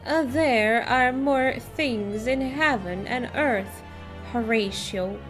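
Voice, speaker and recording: Woman voicing a theatrical man, slow, grand, declaiming, music behind. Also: a little high.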